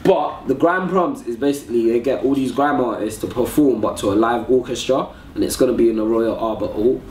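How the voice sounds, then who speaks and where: A man's voice: medium pitch, brisk, a little mellow, a little hiss or hum. A man co-hosting a casual chat show, joking and rambling and laughing often. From Nigeria. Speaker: co-host. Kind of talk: casual banter. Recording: echoey room, mic from far off.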